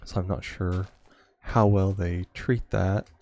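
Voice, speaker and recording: A man's voice: low-pitched, steady tone, slow pace, vocal fry, warm tone. A man streaming a game, chatting casually and rambling with frequent chuckles. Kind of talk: casual gameplay chat.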